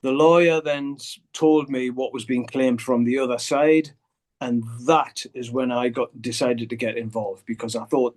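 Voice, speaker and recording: A man's voice: mid-range voice, normal speed. An older man, a guitarist, telling a candid story in an interview over a video call, blunt and swearing often as he acts out what others said.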